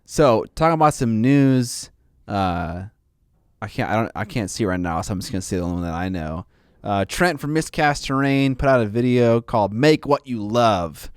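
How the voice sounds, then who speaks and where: A man's voice: lowish voice, animated, moderate pace, smooth, no echo, clean studio sound. A man co-hosting a hobby podcast in casual chat, rambling with lots of fillers. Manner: rambling, filler-heavy, laughs easily. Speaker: podcast co-host.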